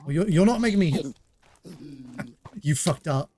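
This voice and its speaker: A man from Australia streams a survival game and keeps up a loose, chatty running talk with his viewers. His voice sits a little high, and he breaks into laughs between in-game moves. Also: expressive, normal speed, noisy background. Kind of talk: casual live gameplay chat.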